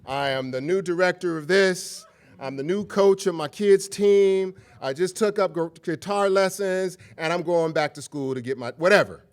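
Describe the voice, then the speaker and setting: Man doing a boastful busy man, louder and a bit higher. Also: normal speed, natural voice. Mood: bragging. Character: busy adult man bragging about his schedule.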